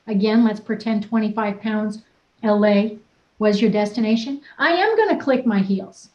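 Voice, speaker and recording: A woman's voice: high-pitched, lively intonation, moderate pace, darkish tone. Woman, wellness coach, upbeat, playful, encouraging, echoey room, dull sound. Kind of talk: group coaching session.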